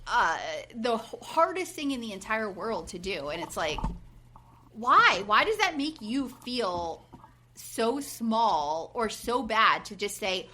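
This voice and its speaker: Woman, forties, podcast co-host, bright lively voice, chatty recap, acts out quotes. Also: a little high, slow, a little hiss or hum. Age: 40s. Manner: animated retelling, acting out quotes, frequent fillers. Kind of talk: casual reality TV recap chat.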